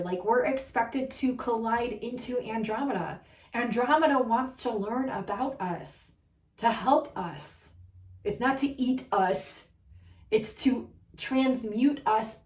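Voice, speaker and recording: A woman giving a spiritual reading in a heated, rambling rant, swearing often. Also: on the high side. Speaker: spiritual reader. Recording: echoey room, far from mic.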